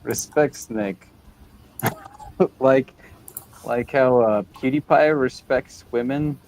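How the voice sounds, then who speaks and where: A man's voice: mid-range voice, slow pace, darkish tone, slight background noise. A man hosting a casual chat while drawing, playful and goofy, with mock-offended banter. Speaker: host.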